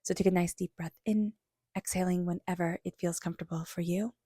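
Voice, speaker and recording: A woman giving a spiritual tarot reading in a soft, flowing voice with repeated affirmations. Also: fairly low pitch, steady tone, a little fast, breathy edge, dry recording, studio quality. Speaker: tarot reader.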